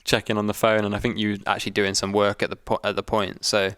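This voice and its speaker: Man, low steady voice, smooth and clear, dry close sound, relaxed explaining tone. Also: quick pace, no echo. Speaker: video editor. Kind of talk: casual breakdown chat.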